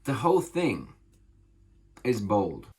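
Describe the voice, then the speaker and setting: A man, an author, talking casually to camera about bold storytelling, enthusiastic and emphatic, with a gravelly, husky voice. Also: fairly low pitch, wildly swooping pitch, takes it slowly. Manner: enthusiastic, emphatic, repeats phrases. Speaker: author and vlogger.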